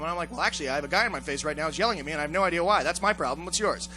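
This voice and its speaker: A man telling a rough story on a casual talk show, swearing a lot and acting out the voices of the people in it. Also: high-pitched, rapid-fire, few pauses, slight background noise, poor audio. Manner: profane, animated, acts out voices in his story. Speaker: podcast host telling a story.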